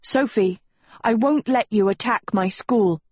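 A woman's voice: on the high side, a little slow, darkish tone, no room sound, pitched above the performer's own voice. A woman voicing an earnest teenage heroine in an audiobook, pleading and urgent. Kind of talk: audiobook character reading.

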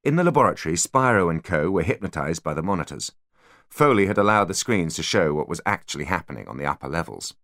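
A man reads an audiobook in an expressive, dramatic narration. His voice is very low yet moves animatedly across a wide range. The recording is dry and close, with no room sound. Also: fast talker, no room sound. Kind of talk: scripted narration.

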